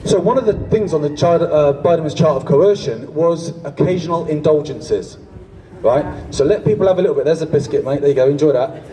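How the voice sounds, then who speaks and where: A British man with a raised, dark-toned voice delivers a punchy speech to a crowd. He is picked up from a distance, with a faint outdoor ambience behind him. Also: fairly high pitch, a little fast, slight background noise. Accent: British English. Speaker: speaker at a rally. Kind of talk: public speech.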